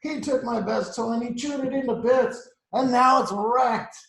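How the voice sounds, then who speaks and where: A man voicing an upset little girl who cries out in a high, shouting voice. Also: a little slow, roomy sound, close to an everyday voice, low-quality recording.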